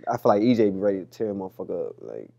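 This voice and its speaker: A man's voice: low-pitched, sing-song, rapid-fire, creaky, mellow, highs cut off. Slangy young man, candid and profane. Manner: loose, slangy, profane talk. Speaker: interview guest. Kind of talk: candid casual interview.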